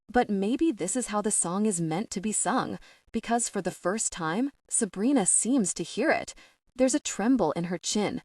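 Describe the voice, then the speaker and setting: Female audiobook narrator, measured and steady, mid pitch, very dry close studio sound. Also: no echo. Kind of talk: scripted narration.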